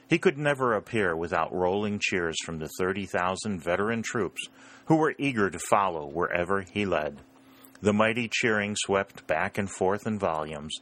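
A man with a very low voice narrates a historical novel. His reading is steady, and the characters' dialogue comes out a little higher. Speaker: audiobook narrator. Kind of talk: scripted narration.

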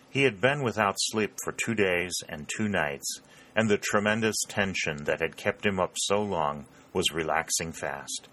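A man reading an audiobook in a measured, even narration. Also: deep voice.

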